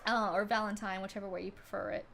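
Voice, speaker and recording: A woman's voice: mid-range voice, little pitch movement, fast, creaky, fairly bright tone, a little hiss or hum. A woman livestreamer casually telling a story to her chat, swearing freely and laughing often.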